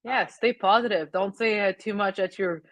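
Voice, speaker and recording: A woman's voice: medium pitch, normal speed, dry recording. A woman in her thirties with a French Canadian accent, a guest in a casual interview, talking hesitantly with many fillers. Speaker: guest, Olympic speed skater.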